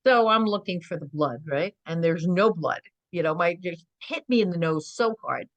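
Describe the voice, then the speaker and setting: A middle-aged woman, a guest on an interview podcast, telling stories in an earnest, animated way and often saying "you know". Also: on the low side, normal speed, no echo, highs cut off.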